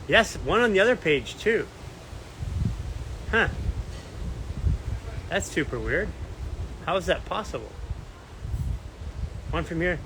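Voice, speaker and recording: A man's voice: on the high side, big pitch swings, slow pace, creaky, long pauses, noisy background. A Canadian man hosting a casual live stream outdoors near a beach, upbeat, reading out where his viewers are from. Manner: upbeat, reads out viewer comments and places.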